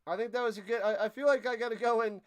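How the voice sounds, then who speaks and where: A young man with a high, smooth and clear voice calls a live football game on his stream. He jokes around, plugs a friend's channel and laughs as he fumbles a player's name. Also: rapid-fire. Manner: jokey, animated, stumbles over names. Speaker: play-by-play streamer and host. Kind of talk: live play-by-play commentary.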